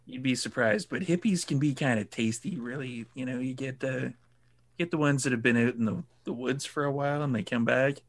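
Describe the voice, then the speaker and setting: A man playing his character in a tabletop role-play, gruff, laid-back and sarcastic. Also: medium pitch, fairly quick. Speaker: player.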